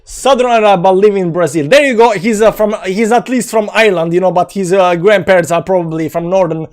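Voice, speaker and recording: A man's voice: sits high, fast talker. A man with a Balkan accent hosting a live crypto stream, rambling with many fillers as he reads and answers viewer comments. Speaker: crypto channel host. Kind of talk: live-stream chat reading.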